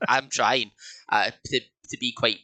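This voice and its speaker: A man's voice: medium pitch, fairly even intonation, measured pace, pushed and bright, poor audio. A young Scottish man co-hosting a casual podcast, rambling with many fillers and restarts. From Scotland. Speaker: podcast co-host. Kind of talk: casual chat.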